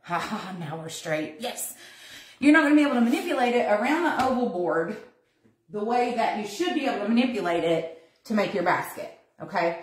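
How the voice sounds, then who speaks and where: A woman's voice: mid-range voice, animated, fairly quick. A woman hosting a casual live craft demonstration, chatting with viewers as she works. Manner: chatty, greets viewers by name, talks while working. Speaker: craft tutorial host. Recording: roomy echo.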